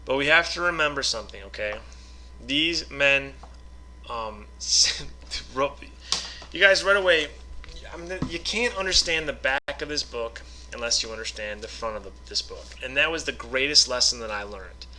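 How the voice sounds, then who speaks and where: A man's voice: medium pitch, lively intonation, moderate pace, bright, forceful tone, a little hiss or hum. A man giving a casual Bible lesson, reading passages aloud and explaining them conversationally with frequent "okay?" and "right?" check-ins. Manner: reads scripture aloud, then explains it informally. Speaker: online Bible teacher. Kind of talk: casual scripture teaching to camera.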